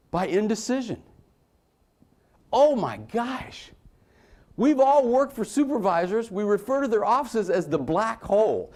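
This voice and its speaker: A man speaking to a conference room in a lively, fairly high voice. His pitch leaps around as he drives points home, then drops into quiet asides. He talks like a motivational speaker working the crowd. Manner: animated, swings between loud emphasis and low asides.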